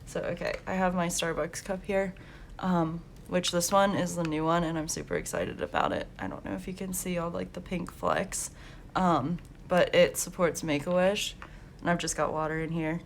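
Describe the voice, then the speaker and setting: A woman's voice: fairly low pitch, moderate pace, vocal fry, a little hiss or hum. A young woman hosting a coloring channel, chatting casually and telling work stories with lots of laughs and fillers. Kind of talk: casual chat while coloring.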